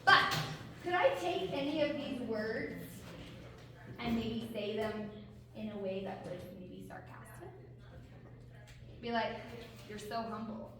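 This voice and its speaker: A woman who works as a theater and vocal coach, giving an animated, encouraging talk to a group of kids and often asking them questions. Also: a little high, slow pace, pauses often, crowd noise. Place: room full of kids, heard from far off. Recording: echoey room, distant mic, background noise.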